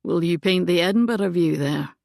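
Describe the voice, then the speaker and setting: A woman voicing a wry, smitten young gentleman who speaks in a dry, understated way. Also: on the low side, normal speed, creaky, dry recording.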